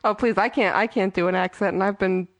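A woman's voice: mid-range voice, fairly even intonation, fast, dry recording. A woman co-hosting a fan podcast, chatting eagerly and gushing about news. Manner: enthusiastic, gushing. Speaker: podcast co-host. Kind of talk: casual chat.

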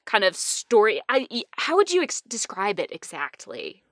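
A woman's voice: mid-range voice, wildly swooping pitch, moderate pace, fairly bright tone, no echo, clean studio sound. A woman hosting a casual podcast chat, bubbly and fond of puns, laughing often. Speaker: podcast host.

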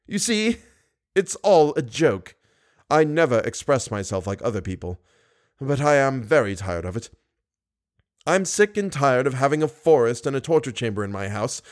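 A man's voice: mid-range voice, natural voice. A man voicing a menacing masked male phantom in a storybook reading, wheedling and mocking by turns. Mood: brooding. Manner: wheedling, mocking, sudden bursts of glee.

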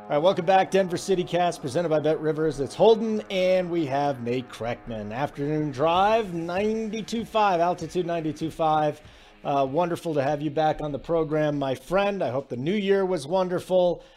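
A man's voice: fairly high pitch, normal speed, darkish tone, soft background music. A man hosting a sports betting podcast in casual conversational talk, loose, with fillers and restarts.

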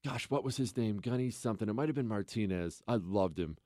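A man hosting a podcast, telling a story in casual comedic style, animated and sardonic, with self-mocking asides. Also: on the low side, a little fast, dry recording, clean studio sound. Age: adult.

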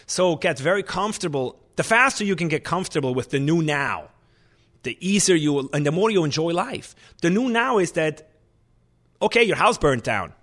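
A man, a chef, telling stories in a lively conversational way, often restarting his sentences. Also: fairly high pitch, moderate pace. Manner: animated, restarts often, acts out kitchen shouting. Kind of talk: conversational storytelling.

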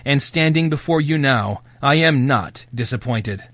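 Pompous smooth-talking preacher, middle-aged, read by a man. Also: mid-range voice, lively intonation, unhurried, fairly bright tone, dry recording. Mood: grand. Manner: grandiose and overly polite.

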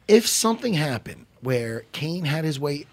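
Animated gravelly-voiced man, loud and jokey. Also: a little high, unhurried. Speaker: MMA coach and podcast guest. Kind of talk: casual chat.

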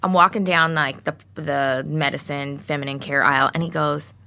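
A woman with a fairly low, bright voice in casual conversation. She tells chatty, profane stories and pokes fun at herself along the way. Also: fairly even intonation, normal speed. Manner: chatty, profane, self-mocking storytelling. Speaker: podcast co-host. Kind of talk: casual chat.

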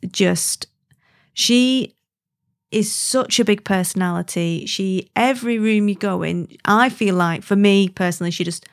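A woman's voice: medium pitch, measured pace, creaky. A woman hosting a podcast in casual chat, bubbly and gushing, laughing often. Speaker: podcast host.

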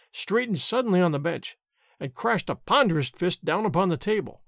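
A man reads a novel aloud as a dramatic storyteller. His voice sits high and moves a lot, and the recording is dry and close, with no room sound. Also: no room sound. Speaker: audiobook narrator. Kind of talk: scripted narration.

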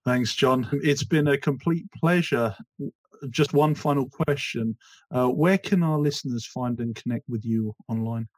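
A man's voice: mid-range voice, a little slow, dry recording, rough recording. A man hosting a business podcast, asking questions politely and thanking his guest. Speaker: podcast host. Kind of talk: podcast interview and outro.

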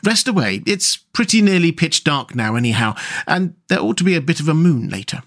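A man's voice: a little high, big pitch swings, a little fast, a bit bright, voice pushed up, exaggerated voice. A man voicing a good-natured, brave male water rat who talks in a soothing, reassuring way.

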